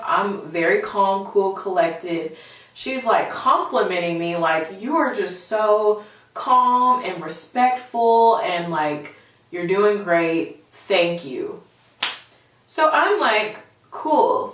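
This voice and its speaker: Young woman, 20s, candid storytelling vlogger, heavy fillers; lower voice, very reverberant room, distant mic. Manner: candid, chatty, animated retelling with lots of fillers. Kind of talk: personal storytelling to camera. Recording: very echoey room, voice far from mic.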